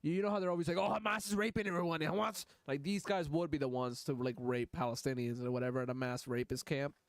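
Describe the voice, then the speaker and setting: A man's voice: medium pitch, fairly even intonation, quick pace, a little mellow, clean tone, no echo. A man streaming live, reacting to videos in blunt, profane, rambling commentary.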